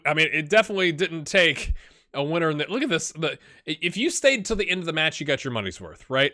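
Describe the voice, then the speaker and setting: His voice is a little high, sharp-toned, and very animated, and he speaks fairly quickly. As a gaming YouTuber doing casual let's-play commentary on a football management game, he rambles chattily and keeps calling his viewers "my friends."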